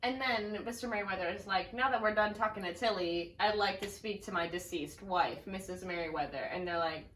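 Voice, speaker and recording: A young woman co-hosting a casual chat, recapping a sitcom and quick to chime in. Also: mid-range voice, noisy background. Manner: chatty, quick to chime in and laugh. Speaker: podcast co-host. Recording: echoey room, distant from the mic.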